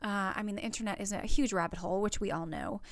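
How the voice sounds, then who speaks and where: Woman coaching actors, chatty and encouraging, dry close sound, mid pitch. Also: fast, no room sound. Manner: encouraging, conversational, with fillers. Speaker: acting coach. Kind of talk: spoken acting workshop tips.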